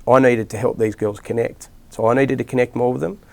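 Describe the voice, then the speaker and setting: In a casual interview, a middle-aged Australian who coaches rugby league rambles through stories, restarting and using lots of fillers. He talks fairly quickly in a gravelly, mid-range voice with a steady tone.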